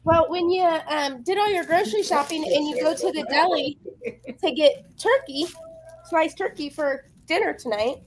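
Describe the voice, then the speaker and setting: A woman's voice: high voice, moderate pace, crowd noise. A woman hosting a casual video chat, telling a story and acting out the people in it. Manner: animated storyteller acting out dialogue. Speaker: host.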